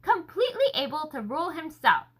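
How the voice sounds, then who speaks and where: A woman voicing an earnest, enthusiastic gentleman scholar in a story reading, speaking effusively. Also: high-pitched, sing-song, a little fast, low-quality recording. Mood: eager.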